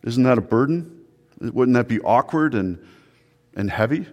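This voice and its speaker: A man's voice: mid-range voice, animated, measured pace, highs cut off. A male pastor preaching an earnest sermon, often repeating words and asking the listeners questions. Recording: long hall reverb.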